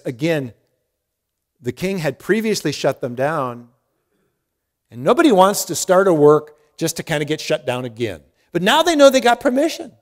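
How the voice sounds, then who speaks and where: A man with a somewhat high-pitched voice teaches a Bible study from the pulpit. He reads each verse aloud, then talks it over in an easy, conversational tone. The sound carries a long reverb, as in a large sanctuary. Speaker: pastor.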